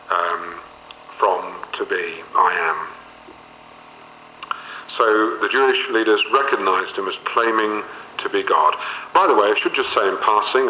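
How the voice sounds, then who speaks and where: A man's voice: lowish voice, bright, forceful tone, reverberant, in a large hall, slight background noise, rough recording. A man leading a Bible study, reading verses aloud and explaining them, with occasional fillers. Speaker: Bible teacher.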